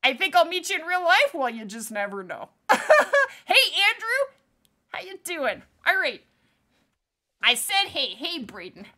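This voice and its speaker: Bright high-voiced woman streamer. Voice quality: bubbly, chatty, laughs often. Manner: greets chat viewers by name. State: back injury. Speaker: game streamer. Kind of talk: live stream chat.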